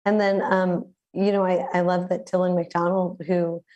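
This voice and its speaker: A woman hosting a community radio interview, hoarse and raspy from the flu, chatting in a relaxed way with many fillers over a video call. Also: lowish voice, a little slow, muffled recording. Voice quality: raspy, smoky. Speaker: radio show host.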